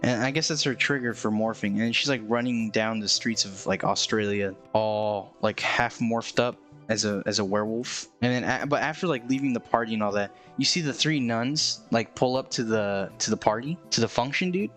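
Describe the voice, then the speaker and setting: A man's voice: mid-range voice, moderate pace, few pauses, fairly bright tone, faint music behind. A man giving a casual, comedic movie recap, rambling and jokey with lots of filler words.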